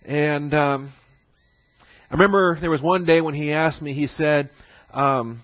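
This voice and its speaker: A man's voice: a little high, measured pace, long pauses, no room sound, highs cut off. A man teaching through a Bible passage, repeating key phrases and posing rhetorical questions to his listeners.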